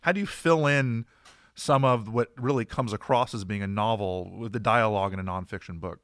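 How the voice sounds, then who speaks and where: Low-voiced male interviewer. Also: brisk, fairly bright tone, dry recording, clean studio sound. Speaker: interviewer host. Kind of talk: interview questions.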